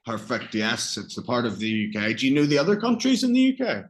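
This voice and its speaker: A man's voice: mid-range voice, huge pitch swings, a little fast, poor audio. A man teaching an English lesson, who explains phrases, reads practice dialogue and keeps checking that his student understands. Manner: encouraging, checks understanding often.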